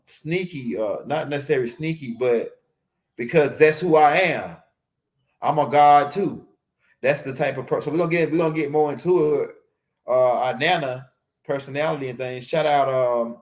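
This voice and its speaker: A man's voice: medium pitch, darkish tone. A man giving a casual, rambling lecture on a livestream, repeating himself and using street slang. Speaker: host of a spiritual teaching stream.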